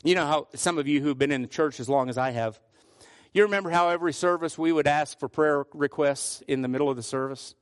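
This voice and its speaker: A male pastor delivers a sermon in a high, earnest voice, sinking low on the words he wants to stress. The recording is dry and close, with no room echo. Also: fast, clean tone. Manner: earnest, varies pitch widely, drops low for emphasis.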